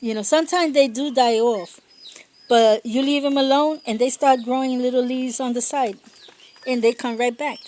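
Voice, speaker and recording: A woman talking her way through a casual garden vlog outdoors, chatty and rambling, laughing often and pausing to search for words. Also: high-pitched, fairly even intonation, darkish tone, slight background noise. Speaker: home gardener.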